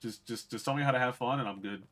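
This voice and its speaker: Bright-voiced young man streaming a game. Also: mid-range voice, fast talker. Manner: blunt, profane, chatting with viewers. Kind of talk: casual gameplay commentary.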